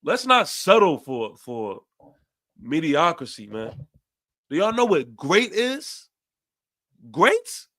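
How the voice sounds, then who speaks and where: A young man with a New York accent delivers a fan's post-game rant as a podcast host. His voice sits a bit high, and he hammers points home by repeating them, swearing casually as he goes. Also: sing-song, slow pace, a bit bright.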